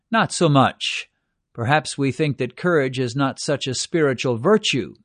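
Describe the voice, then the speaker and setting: A man's voice: medium pitch, dry recording. Earnest older man, dry close sound. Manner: measured, earnest Bible exposition. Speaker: preacher. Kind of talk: recorded devotional teaching.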